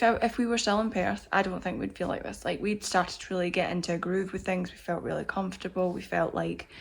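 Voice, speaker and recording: A woman's voice: on the low side, vocal fry. A woman in her thirties, drained and emotional, rambling candidly in a confessional vlog. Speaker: vlogger.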